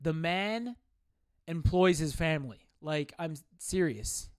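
A young man hosting a solo podcast, telling a rambling, profane, animated story. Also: a little high, slow pace, clean tone, dry recording, clean studio sound. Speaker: podcast host. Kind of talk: casual solo podcast monologue.

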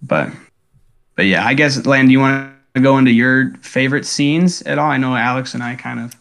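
Young man, podcast co-host, excitable, rambling, mid-pitched voice. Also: normal speed, creaky. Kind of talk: casual podcast chat.

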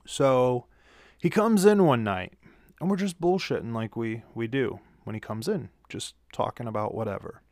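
Here the voice is mid-range, expressive and a little mellow, moving at a moderate pace, with clean studio sound and no room sound. He's worn out after work and rambles through a profane casual story, frequently correcting himself, using a handheld mic with a pop filter.

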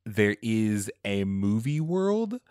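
A man chatting casually about movies, thinking aloud in a relaxed way with fillers. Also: lowish voice, slow, smooth, dry recording, clean studio sound. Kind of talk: casual film discussion.

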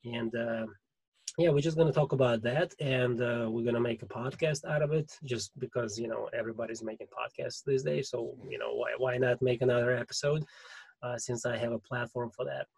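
A man with a Russian accent hosting a podcast, rambling in a relaxed, hesitant way over a video call. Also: medium pitch, fairly quick, creaky, slightly rough, poor audio. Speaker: podcast host. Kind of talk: casual video-call conversation.

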